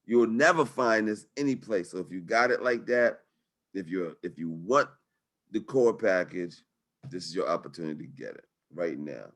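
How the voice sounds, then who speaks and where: Male webinar host, lowish voice, hype slang delivery, video-call audio. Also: animated, moderate pace, fairly bright tone. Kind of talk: live webinar sales talk.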